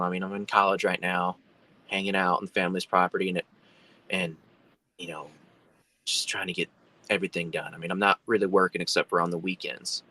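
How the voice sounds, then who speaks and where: A man's voice: sits low, steady tone, fairly quick, sharp tone. A man, a guest telling a long story on a video call, rambling with many fillers and restarts. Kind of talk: casual storytelling.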